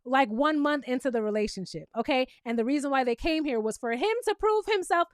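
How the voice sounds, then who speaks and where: A woman's voice: sits high, lively intonation, fairly quick, a little hiss or hum. A woman host recapping a reality show in casual commentary, sassy and emphatic, with pointed asides to the viewer.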